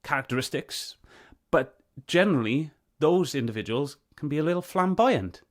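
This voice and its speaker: Earnest man arguing back at a clip. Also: fairly high pitch. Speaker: video reviewer. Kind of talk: reaction commentary on a clip.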